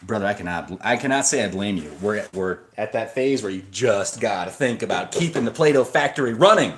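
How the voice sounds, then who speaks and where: With slight background noise behind him, a man with a lowish, fairly bright, expressive voice talks fairly quickly while hosting a casual livestream. He rambles through viewer comments, often starting sentences over and tossing in asides.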